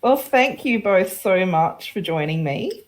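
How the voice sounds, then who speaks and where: A woman's voice: medium pitch, lively intonation, a little slow, low-quality recording. A woman hosting a web panel over a video call in an easygoing way, with many short acknowledgements. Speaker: host.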